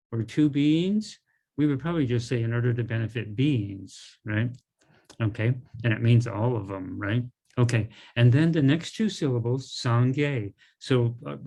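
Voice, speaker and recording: A middle-aged man teaching a language class in a relaxed, informal way, going over words slowly and often checking in with "right?" and "okay". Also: mid-range voice.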